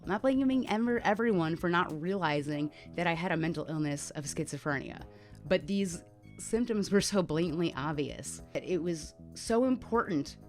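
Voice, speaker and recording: A woman with a lowish voice telling her own story to camera. She talks candidly and conversationally, with plenty of fillers. Faint music plays underneath. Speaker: mental health vlogger.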